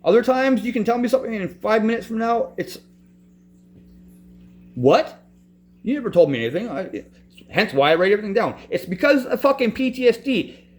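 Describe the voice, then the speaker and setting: Angry, swearing man with a high voice. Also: animated, fast talker. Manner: profane, frustrated, restarts often. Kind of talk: angry personal rant.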